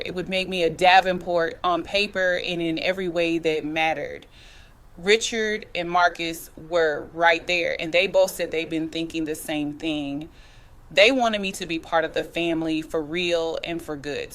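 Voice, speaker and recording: A woman telling a personal family story in a casual, conversational way, with slang like "chile" and "girl" and a dialect flavor. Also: low-pitched. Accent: African American English.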